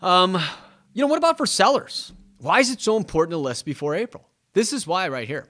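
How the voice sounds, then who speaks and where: A man's voice: high voice, fairly quick. A young man, a real estate agent hosting a casual, rambling monologue and acting out what his clients say. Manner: rambling, animated, acts out clients' quotes.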